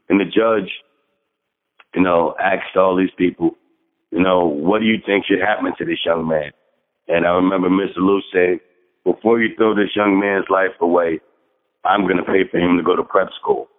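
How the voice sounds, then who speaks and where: A hoarse man calling in, telling a personal story earnestly and clearing his throat often. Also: low-pitched, fairly even intonation, moderate pace. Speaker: caller. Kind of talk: casual sharing on a group call. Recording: tinny phone line with long reverb.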